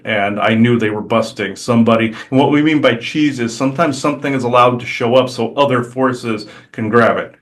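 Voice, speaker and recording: A man channeling on a spiritual podcast, talking casually and haltingly with many "uh" fillers and restarts. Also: medium pitch, a bit bright. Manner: hesitant, many "uh" fillers, rambling.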